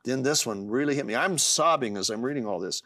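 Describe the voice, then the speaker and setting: A man's voice: medium pitch, lively intonation, fairly quick, fairly bright tone, no echo, studio quality. An older man, an author being interviewed, speaking earnestly and reading scripture aloud with passion. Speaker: author guest.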